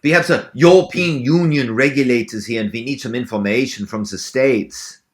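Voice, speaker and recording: A man's voice: medium pitch, moderate pace, noisy background, voice pushed up, lightly acted. A man putting on a comic German caller. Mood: breezy. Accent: put-on German. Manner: jokey, exaggerated.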